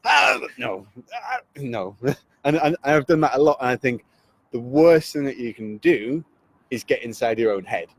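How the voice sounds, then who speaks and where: An animated man talks through presenting on video like a seasoned trainer. He laughs easily and slips into acted examples as he explains. His voice sits at an ordinary middle pitch for a man. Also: moderate pace. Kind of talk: casual teaching chat.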